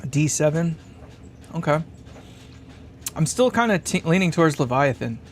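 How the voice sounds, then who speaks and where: Rambling and chuckling often, a live-stream host thinks aloud while building a guitar amp at his workshop bench and reading comments in casual chat. His fairly high voice swings widely in pitch at a moderate pace, over slight background noise.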